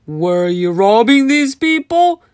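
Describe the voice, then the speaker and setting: A woman's voice: fairly high pitch, big pitch swings, slow pace, a little mellow, no room sound, clean studio sound, pitched above the performer's own voice. A woman voicing a polite, formal male police officer who questions himself aloud.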